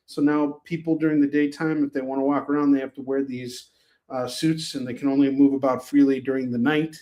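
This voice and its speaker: Hosting a live shopping stream, a man chats casually with viewers by name and pitches products between self-mocking jokes. His mellow delivery is brisk, with little pitch movement.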